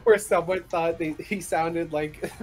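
A man's voice: on the high side, steady tone, unhurried, over music. A man hosting a podcast in casual group chat, joking and teasing his friends with frequent laughs.

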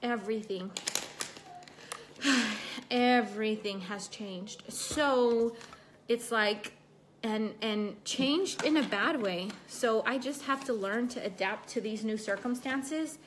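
Woman host, fairly high voice, chatty livestream talk over makeup, emotional, faint room hum behind. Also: takes it slowly. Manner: chatty, reads out viewer comments while doing makeup. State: emotional, recovering from a broken foot. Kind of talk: casual livestream chat.

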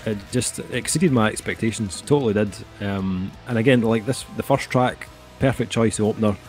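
A middle-aged man with a low voice co-hosts a casual album review. He rambles along with plenty of fillers. Faint music plays underneath. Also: normal speed. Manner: rambling, heavy on fillers like "um" and "kinda".

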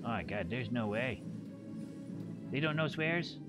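A man's voice: mid-range voice, expressive, measured pace. A man streaming a game, chatting casually with crude jokes and lots of swearing. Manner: crude, joking, swears often. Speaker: gaming streamer. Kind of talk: casual gameplay commentary. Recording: game music behind.

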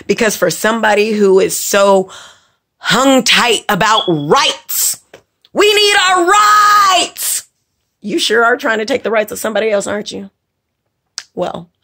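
A woman's voice: mid-range voice, fairly bright tone. A woman ranting to camera as a vlogger, blunt and profane, scolding and repeating words for emphasis. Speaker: vlogger and makeup teacher. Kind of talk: angry casual rant to camera.

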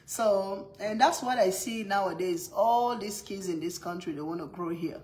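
A woman's voice: medium pitch, moderate pace, a little mellow, low-quality recording. A mother with a strong accent chatting casually on a live stream, laughing often and greeting viewers by name. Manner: strong non-native accent.

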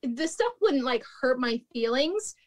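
A woman's voice: high-pitched, expressive, unhurried. A woman, a former restaurant manager, telling stories in a casual, chatty way, full of "like" and laughter. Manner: chatty, peppered with "like", laughs often. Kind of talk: casual storytelling chat.

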